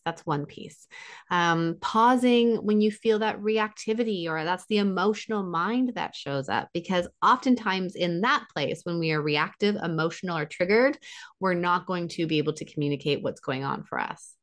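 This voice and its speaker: A woman giving relationship advice in a conversational interview, animated and acting out what partners say, with frequent laughs. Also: lowish voice, moderate pace. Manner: animated, acts out quoted partners, laughs often. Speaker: relationship expert guest.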